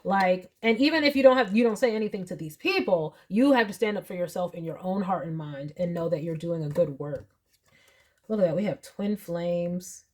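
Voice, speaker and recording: A woman's voice: fairly low pitch, normal speed, a little mellow. A woman giving a tarot reading to camera, earnest and emotional, with many fillers. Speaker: tarot reader.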